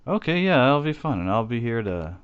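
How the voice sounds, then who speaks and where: A man's voice: medium pitch, very animated, fairly quick, clean tone. A man co-hosting a casual podcast, rambling and swearing as he talks, with lots of fillers and restarts. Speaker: podcast co-host. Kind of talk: casual chat. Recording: dull lo-fi podcast audio.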